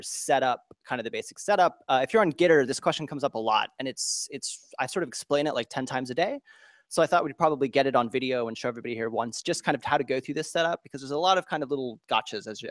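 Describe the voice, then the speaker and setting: Fast-talking man live coding. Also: medium pitch, no echo. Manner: rapid, loose, filler-heavy explaining. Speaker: speaker doing live coding.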